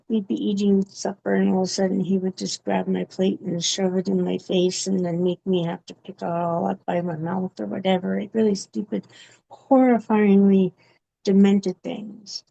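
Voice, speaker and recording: Woman, halting testimony, dark gravelly voice, dull lo-fi sound. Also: mid-range voice, little pitch movement. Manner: halting, with frequent pauses and fillers. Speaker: guest giving a testimony. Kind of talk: personal testimony interview. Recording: dull, muffled recording.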